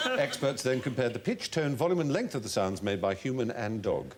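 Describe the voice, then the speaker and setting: A man's voice: medium pitch, very animated, moderate pace, noisy background. A man hosting a comedy quiz show, telling odd facts in an amused, chuckling way. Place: TV studio.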